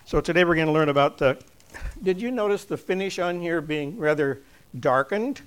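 An older man with a slightly high voice talks to a church gathering in a homespun, storytelling way. He chuckles between points and drops to a soft, slow delivery when he turns earnest. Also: expressive, smooth. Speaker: church speaker giving an object lesson. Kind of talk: folksy object-lesson talk to a congregation.

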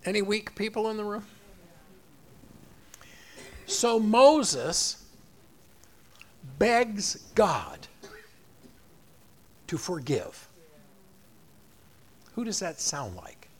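A man preaching a sermon in an animated way, acting out the voices of the people in the story. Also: sits high, very slow, pauses often. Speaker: pastor.

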